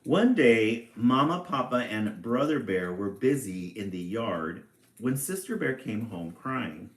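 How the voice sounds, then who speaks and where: A man reading a children's picture book aloud, with relaxed, chatty asides between passages. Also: on the low side, slow pace. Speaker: storybook reader. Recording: echoey room.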